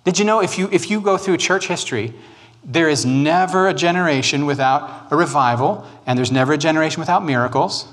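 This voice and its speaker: A man, preaching a sermon on church history in an animated, joking way. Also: a little high. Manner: animated, joking, quick asides and put-on quotes. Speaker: pastor.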